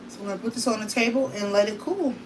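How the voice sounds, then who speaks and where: A woman's voice: mid-range voice, quick pace, distant mic, noisy background. A woman vlogging casually from her home kitchen, talking straight to her viewers in a tired, emotional way. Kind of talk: casual vlog talk to viewers.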